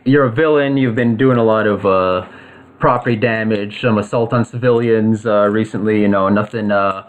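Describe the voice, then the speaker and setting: A businesslike agency director laying out a deal in a low, halting voice full of pauses and fillers, as a man plays him. He sounds like an everyday speaker, not a showy character. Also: fairly even intonation, narrow, tinny audio, natural voice. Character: businesslike middle-aged male agency director.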